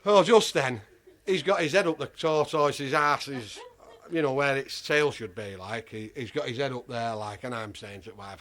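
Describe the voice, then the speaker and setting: A man's voice: mid-range voice, moderate pace, fairly bright tone. A man telling a comic anecdote to a live audience, rambling, exasperated and swearing freely as he acts out the voices of the other people in it. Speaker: comic storyteller.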